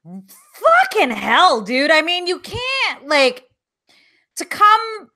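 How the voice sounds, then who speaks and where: A woman's voice: extremely high pitch, sing-song, slow pace, bright, forceful tone. A woman co-hosting a podcast, chatting casually and animatedly, swearing and laughing easily. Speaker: podcast co-host. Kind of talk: casual chat.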